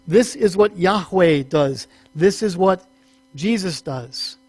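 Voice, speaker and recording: A man with a somewhat high voice teaches scripture from the pulpit in a talky, self-correcting way. His voice climbs when he presses a point. The recording is dry and close, with a faint mains hum underneath. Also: expressive, takes it slowly, no room sound. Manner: conversational, self-correcting, rises in pitch for emphasis. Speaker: pastor. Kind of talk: sermon teaching.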